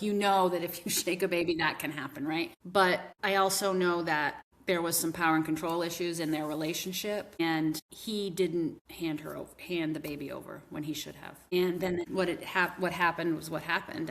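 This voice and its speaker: Woman advocate on a podcast, lowish voice, earnest and emotional, stops and restarts often. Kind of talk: podcast conversation.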